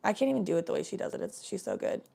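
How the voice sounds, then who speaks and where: A woman's voice: lowish voice, huge pitch swings, rapid-fire, creaky, dark tone, breathy edge. A young woman hosting a livestream, chatting with viewers in a rambling, laid-back way and swearing freely. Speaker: livestream host. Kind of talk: casual chat.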